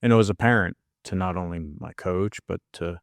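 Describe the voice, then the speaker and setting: A man's voice: deep voice, a little fast, creaky, no room sound, studio quality. A man who fights, talking through his thoughts in a casual podcast chat, often restarting his sentences. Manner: reflective, searching for words with many restarts.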